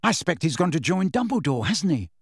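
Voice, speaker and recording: A man's voice: a little high, very animated, a little fast, husky, dry recording, clean studio sound, exaggerated voice. A man voicing a worried teenage schoolboy who asks plain, uneasy questions.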